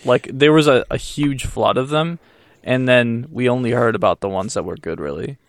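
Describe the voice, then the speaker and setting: A man's voice: mid-range voice, normal speed, no room sound. A man co-hosting a casual podcast, making dry, wry remarks. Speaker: podcast co-host. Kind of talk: casual chat.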